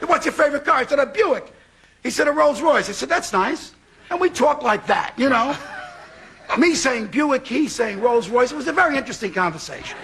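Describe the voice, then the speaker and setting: High, bright-voiced New man spinning a yarn. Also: fairly quick, husky. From New York. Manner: animated, repeats for laughs. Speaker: talk show guest. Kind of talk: comic anecdote. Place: TV studio with audience.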